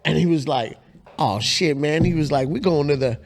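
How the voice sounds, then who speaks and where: A man in his forties, co-hosting a casual podcast, telling a story and acting out the quotes with big jumps in pitch. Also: normal speed. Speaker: podcast co-host.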